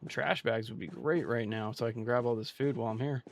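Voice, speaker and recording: A man's voice: medium pitch, a little fast, noisy background. Chatty male game streamer. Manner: chatty, talks to chat while playing. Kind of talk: casual live gameplay commentary.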